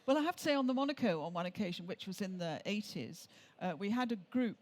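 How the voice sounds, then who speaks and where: A woman's voice: medium pitch, expressive, quick pace. Older Englishwoman telling rambling travel stories. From England. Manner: chatty, rambling storyteller with frequent restarts. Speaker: author and tour leader, interview guest. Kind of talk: conversational anecdotes on stage. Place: stage at a travel show.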